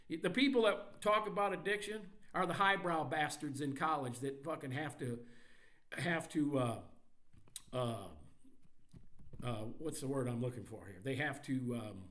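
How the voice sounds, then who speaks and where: A man's voice: a little high, fairly bright tone. A man hosting a podcast, ranting angrily and mockingly about sports with heavy profanity. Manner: angry, mocking, heavily profane. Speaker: podcast host.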